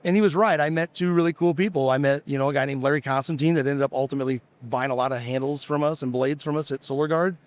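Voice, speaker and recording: A man's voice: fairly high pitch, fairly even intonation, quick pace, hardly any pauses, no echo. A middle-aged American man, a business founder, casually telling rambling stories with quoted dialogue in a podcast interview. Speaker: guest, tool company founder.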